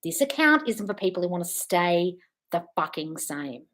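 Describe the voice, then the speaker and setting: A woman manifestation coach answering viewer comments on a livestream, blunt and profane, breaking into loud scolding rants of tough love. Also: medium pitch, big pitch swings, moderate pace.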